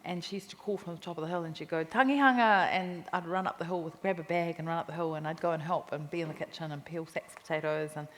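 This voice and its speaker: A woman in her sixties with a New Zealand accent, an author telling lively stories in a live interview. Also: deep voice, quick pace, hardly any pauses. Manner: lively, laughing anecdotes. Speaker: memoir author, interview guest. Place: live talk venue with audience. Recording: echoey hall, faint background noise.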